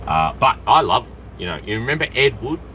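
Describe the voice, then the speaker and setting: An Australian man chatting to camera outdoors in an excitable, rambling way, jumping between topics. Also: medium pitch, fairly quick, poor audio. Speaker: vlogger. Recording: outdoor street noise, traffic behind.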